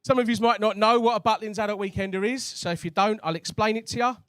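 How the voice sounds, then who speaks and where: A man's voice: high-pitched, fairly even intonation, fast, fairly bright tone, clear, resonant tone. A male stand-up comedian, chatting with and teasing a live crowd from a club stage.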